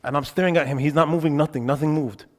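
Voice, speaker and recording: A man's voice: on the high side, quick pace. A young man giving an emphatic, conversational religious lesson in a mosque, with frequent filler words. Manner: animated, emphatic. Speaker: religious teacher. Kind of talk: lecture on worship. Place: mosque hall. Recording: reverberant mosque hall.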